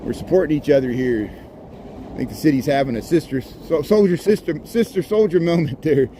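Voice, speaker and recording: A middle-aged man with a slightly raised voice talks his way down a city street, rambling from sight to sight and chatting with passersby. Traffic and street noise run loudly under the whole recording. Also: on the high side, fairly quick. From Indiana. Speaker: walking livestream vlogger. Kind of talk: casual running commentary while walking. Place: city street outdoors at dusk.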